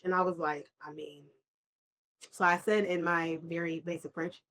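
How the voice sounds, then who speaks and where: A young woman from New York telling animated travel stories on a casual podcast over wine, acting out the people she quotes. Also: lowish voice, moderate pace. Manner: animated storytelling, acts out quoted voices. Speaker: podcast co-host.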